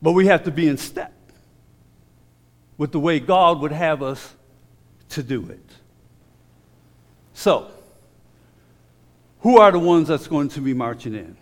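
A man preaching in a voice pitched a touch high, his words trailing off into a long hall reverb. He slows right down and leans on the scripture he reads. Between readings he drops into loose, stop-start asides to the people in front of him. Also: animated. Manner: conversational asides with repeated restarts. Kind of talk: sermon.

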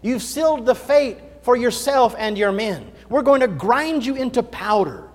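A man's voice: very high-pitched, lively intonation, normal speed, voice pushed up. A man voicing a boastful, threatening ancient king in a taunting, swaggering paraphrase during a sermon. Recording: echoey hall reverb.

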